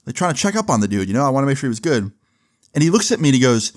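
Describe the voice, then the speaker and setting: A man's voice: medium pitch, lively intonation, rapid-fire. A young man casually telling a personal story for his vlog, loose and chatty with lots of filler words and swearing. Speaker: storyteller vlogger.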